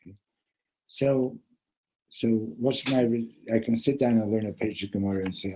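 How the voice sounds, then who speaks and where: A man teaching a Torah class, an animated storyteller who acts out the characters' voices. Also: on the low side, normal speed, slightly rough, poor audio.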